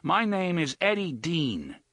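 A man voicing a nervous young man on a quest who speaks urgently and haltingly. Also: on the high side, very animated, fairly bright tone, no echo, pitched above the performer's own voice, exaggerated voice.

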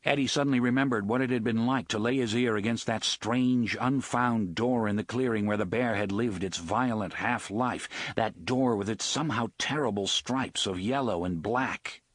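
A man giving an expressive, dramatic audiobook narration on a close studio mic. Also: medium pitch, moderate pace, hardly any pauses, dry recording.

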